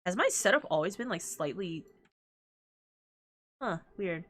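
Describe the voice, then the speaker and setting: A woman's voice: lowish voice, a little slow. Giggly woman streamer chatting over a game. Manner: giggly, excitable, chatty asides. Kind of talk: casual game-stream chat.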